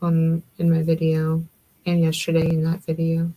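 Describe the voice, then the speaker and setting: A woman's voice: deep voice, completely flat delivery, moderate pace, mellow, poor audio. A young woman with a Southern accent hosting a livestream, chatting in a rambling way and answering comments from her viewers. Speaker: livestream host. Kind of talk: casual chat with viewers.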